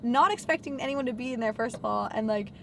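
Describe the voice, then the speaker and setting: Young woman talking fast, kinda high voice, says like a lot, swears, faint noise behind. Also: gravelly, fairly bright tone. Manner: rambling, fills every pause with "like", swears freely. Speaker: guest. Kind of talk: casual conversation.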